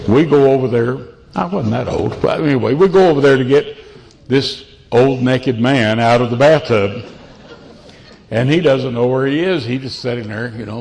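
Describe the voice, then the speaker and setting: Older male preacher, folksy storyteller, mid-pitched, pulpit sermon. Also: a little mellow. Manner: folksy, self-deprecating storyteller with restarts. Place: church pulpit.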